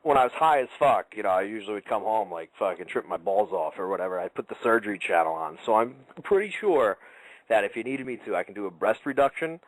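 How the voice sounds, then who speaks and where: A man's voice: lowish voice, animated, quick pace, no echo, poor audio. A man co-hosting a casual online talk show, joking crudely in loose banter. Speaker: co-host. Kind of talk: casual podcast chat.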